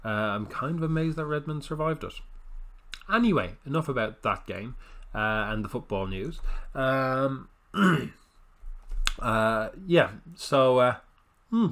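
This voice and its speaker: A man's voice: medium pitch, animated, slow, long pauses, a bit bright. A man casually commenting on a football management game, rambling and self-correcting with wry understatement. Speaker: gaming video host.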